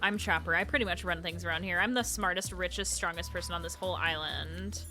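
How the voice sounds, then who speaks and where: Casting note: a woman playing a cocky, boastful male bully in a game, sneering, with a bright lowish voice and faint game music behind. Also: fairly quick. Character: cocky muscle-bound male bully boss. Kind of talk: reading game dialogue aloud.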